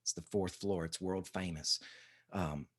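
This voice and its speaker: A man voicing a short Southern woman who leads ghost tours, giving solemn, drawn-out warnings in a Southern accent. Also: sits low, fairly even intonation, breathy edge, pitched below the performer's own voice. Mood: hushed ominous.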